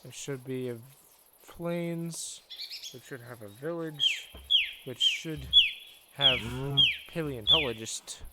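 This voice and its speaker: A man's voice: fairly high pitch, wildly swooping pitch, takes it slowly, long pauses, heavy background noise. A man hosting a gaming video, chatting to himself and his viewers as he plays. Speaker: gaming channel host. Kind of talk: let's play commentary.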